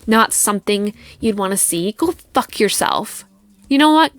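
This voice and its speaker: A young woman hosts her own podcast, venting about a personal drama in a casual, heated monologue full of swearing. Her voice sits at an ordinary pitch and is recorded close and dry, with almost no room sound. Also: lively intonation, a little slow, fairly bright tone, dry recording. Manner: heated, profane, indignant retelling. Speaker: podcast host.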